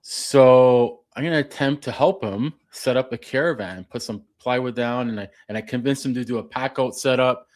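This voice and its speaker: A man chatting on a trade podcast, dropping quick agreeing replies and describing a work van setup. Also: mid-range voice, darkish tone. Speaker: podcast co-host, HVAC technician. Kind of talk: casual chat.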